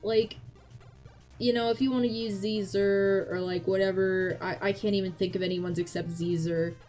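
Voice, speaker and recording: A woman's voice: mid-range voice, fairly even intonation, normal speed, dark tone. A woman talking casually and bluntly, swearing and rambling with restarts, on a chat stream. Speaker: vtuber co-host. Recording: faint background music.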